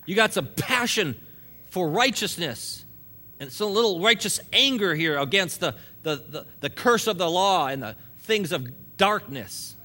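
Preacher guy giving a sermon, emphatic, keeps repeating for punch, bright voice. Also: sits high, lively intonation, unhurried. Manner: emphatic, repetitive. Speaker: pastor.

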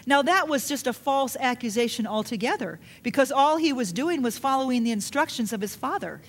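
A woman preaches in a relaxed, conversational way. She reads scripture aloud and then retells it in plain words, often turning to her listeners with questions. Her voice sits a little high. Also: fairly quick. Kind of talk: sermon with Bible reading.

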